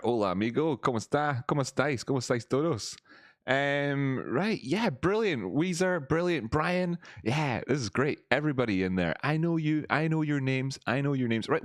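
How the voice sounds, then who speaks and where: A man's voice: mid-range voice, no room sound, studio quality. Man chatting on a live stream. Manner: chatty, greets viewers, laughs often. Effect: voice changer. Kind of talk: casual live-stream chat.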